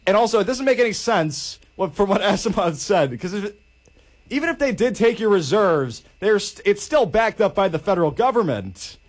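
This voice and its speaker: Young guy on a podcast, kinda high voice, jumps in to correct facts, chatty. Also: lively intonation. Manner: quick, fact-correcting, chatty. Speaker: podcast co-host. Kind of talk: casual movie review chat.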